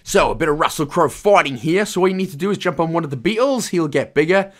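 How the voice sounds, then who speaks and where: Lively Welsh man narrating a game. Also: a little high, quick pace. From Wales. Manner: chatty, jokey, loose with asides and fillers. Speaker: game guide presenter. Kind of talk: casual gameplay walkthrough commentary.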